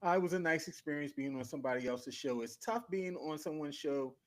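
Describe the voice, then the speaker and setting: A middle-aged man, co-hosting a casual sports podcast and telling stories in a lively, slangy way with frequent laughs. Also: fairly high pitch, brisk. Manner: animated storyteller, laughs a lot, slangy. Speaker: podcast co-host. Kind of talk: casual chat.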